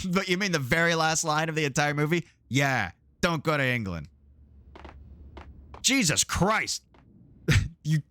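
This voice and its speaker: A man's voice: mid-range voice, fairly bright tone, no echo. A man doing casual let's-play commentary, chatty, swearing often and laughing. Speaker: streamer playing a game. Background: game music.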